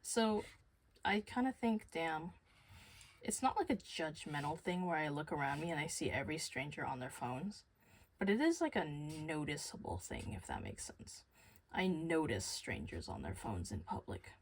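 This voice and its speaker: A woman's voice: deep voice, sing-song, normal speed, breathy edge. A young woman rambling casually to camera, swearing freely and losing her train of thought. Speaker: vlogger.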